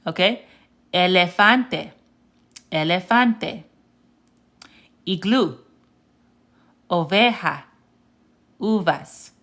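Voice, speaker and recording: A woman teaching Spanish on a live stream, patient and clear, slowing down to repeat example words and stopping to answer viewer comments. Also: fairly low pitch, a bit bright. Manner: reads viewer comments aloud and answers them. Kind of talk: live-stream language lesson.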